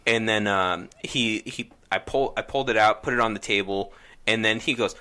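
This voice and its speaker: A man hosting a casual podcast, telling stories from his life in an animated way and acting out what people said. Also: on the low side, normal speed, clean tone. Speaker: podcast host. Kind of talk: casual storytelling chat.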